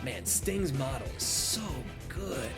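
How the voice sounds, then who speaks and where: A man calling his own video game match in let's-play commentary, excitable and profane, shouting at the big moves. His pitch swings all over while he talks, and game music plays behind him. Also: slow pace, vocal fry. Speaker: gaming youtuber.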